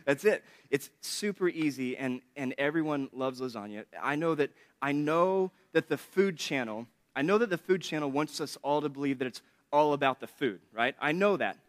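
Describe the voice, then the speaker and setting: A man preaching a sermon in a chatty, joking way, laughing often between points. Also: on the high side. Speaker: pastor. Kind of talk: conversational sermon with humor.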